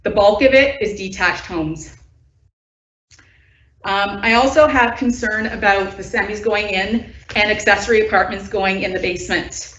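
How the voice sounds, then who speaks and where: A woman's voice: mid-range voice, moderate pace, a bit bright, a little hiss or hum. A woman resident giving nervous, earnest public comment from home, her voice shaking with upset. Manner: earnest, nervous, pressing objections. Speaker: resident speaking at a council meeting. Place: indoors at home. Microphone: video call. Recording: distant, echoey, dull video call audio.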